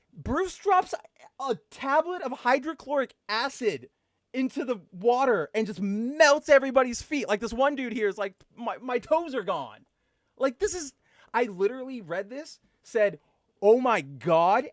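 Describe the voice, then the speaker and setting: A man co-hosting a podcast, chatting casually and excitedly, full of fillers and gushing asides. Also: high voice, no echo, studio quality. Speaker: podcast co-host. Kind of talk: casual comic book chat.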